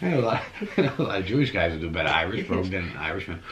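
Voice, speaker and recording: A man's voice: deep voice, very animated, racing, fairly bright tone, slight background noise. A man chatting casually with his wife, joking with dry, teasing humor. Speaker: vlogger's husband. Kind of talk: casual chat.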